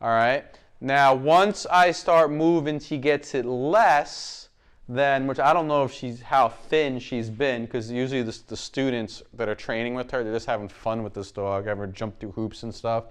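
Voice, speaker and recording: A man's voice: moderate pace, clean tone. A man teaching dog training, explaining as he works with a dog. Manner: gives short commands and praise to a dog, explaining as he goes; slips into a high sing-song voice when talking to the dog. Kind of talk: hands-on training demonstration.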